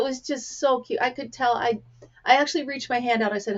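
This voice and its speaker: A woman with a gravelly voice, chatting casually to camera as a crafting vlog host and acting out the people in her stories. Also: high voice, brisk, muffled recording. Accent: American. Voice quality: gravelly, clears throat often. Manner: chatty storyteller, acts out quotes.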